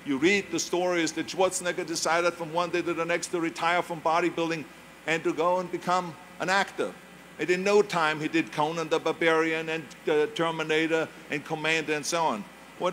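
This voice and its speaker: A man's voice: on the high side, fairly bright tone, slight background noise. An older man with a German accent, whose first language is German, giving an emphatic motivational speech full of storytelling. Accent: Austrian German. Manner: emphatic storytelling, mimics others' voices. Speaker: speaker giving a talk.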